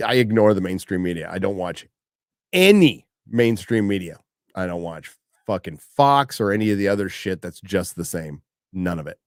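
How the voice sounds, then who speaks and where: A middle-aged man hosting a livestream, working through viewer questions with blunt, profane, no-nonsense answers. He tends to say a phrase and then repeat it for emphasis. His voice sits at an ordinary pitch and is close and dry on the mic. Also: dry recording. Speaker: host reading viewer questions. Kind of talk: casual profane livestream chat.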